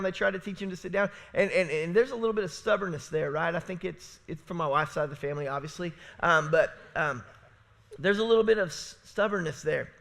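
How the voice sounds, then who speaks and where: A middle-aged man preaching a sermon in a church, with a notably high-pitched voice. His tone is bright and forceful, and he tells his points like a casual story. He keeps checking in with the room with "right?" and moves between booming emphasis and quiet, low asides. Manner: conversational storytelling, frequent "right?" and repetitions; swings between loud emphatic and hushed low passages. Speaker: pastor. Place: church sanctuary.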